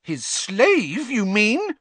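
A man's voice: high voice, wildly swooping pitch, very slow, a bit bright, breathy edge, no room sound, voice pushed up, full character voice. A man voicing an earnest teenage girl who speaks shrilly and indignantly.

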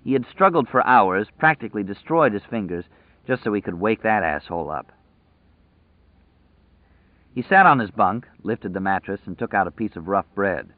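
A man with a fairly low voice reads a novel aloud in a measured, dramatic way. The recording is dry with no room sound and has a thin, phone-like tinniness. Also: animated, no room sound. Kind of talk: audiobook narration.

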